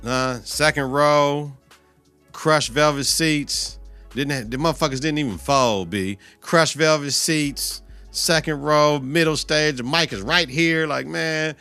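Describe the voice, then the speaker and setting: A man hosting his own podcast, ranting in a casual, profane way and swinging between loud outbursts and quiet asides. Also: medium pitch, normal speed, no room sound, faint music behind. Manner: animated, heavy cursing, swings loud and soft. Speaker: podcast host.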